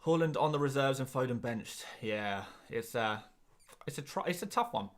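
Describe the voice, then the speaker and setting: A man's voice: mid-range voice, lively intonation, moderate pace. An English man chatting through a live stream and reading out viewers' questions, in a middle-range voice. His talk rambles and stumbles over repeated words, and he pokes fun at himself. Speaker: host. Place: small cupboard-like room.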